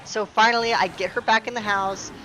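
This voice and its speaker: A woman's voice: fairly high pitch, steady tone, fairly quick, pushed and bright, slight background noise, rough recording. A young woman telling a storytime vlog in a sarcastic, exasperated, profane way. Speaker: storytime streamer.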